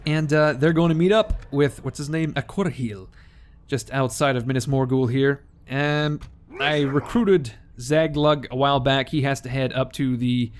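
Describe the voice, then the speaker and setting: A man's voice: medium pitch, fairly even intonation, normal speed. A man hosting a let's play, talking through his game in a rambling, jokey way and often correcting himself mid-sentence. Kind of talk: casual gameplay commentary.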